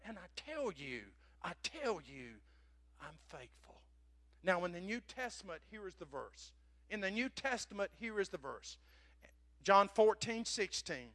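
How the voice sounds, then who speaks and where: A man preaching a sermon to his congregation, dropping to whispers and building to shouted praise, repeating phrases for emphasis. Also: high-pitched, sing-song, measured pace. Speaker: pastor.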